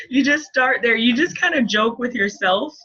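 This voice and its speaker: A woman's voice: high voice, sharp tone, slightly rough. A woman in her thirties, a marketing coach, teaching casually and playfully while laughing often. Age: 30s. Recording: dull lo-fi recording.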